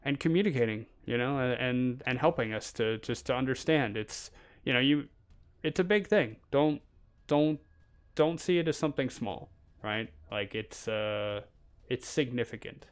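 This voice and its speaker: A young Canadian man chatting casually on his stream, rambling and animated, often slipping into quoted voices. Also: mid-range voice, moderate pace, clear, resonant tone.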